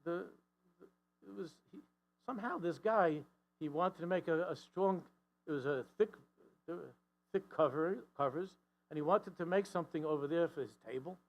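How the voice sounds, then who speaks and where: Speaking at normal speed, a rabbi animatedly acts out characters in his storytelling sermon, pushing his pitch and force upward as they speak, with frequent restarts and repeated words. The recording has its highs cut off.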